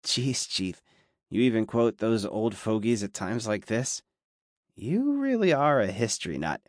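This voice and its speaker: A man voicing a nervous, cheeky young male sailor with a squeaky, cracking voice. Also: lively intonation, slow, a bit bright, dry recording, studio quality. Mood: teasing.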